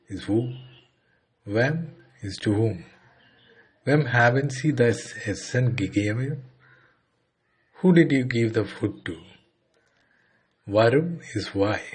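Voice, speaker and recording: A man's voice: medium pitch, slightly rough. A man teaching a beginner language lesson. He says each phrase, then translates it plainly, and sometimes restarts a word partway through.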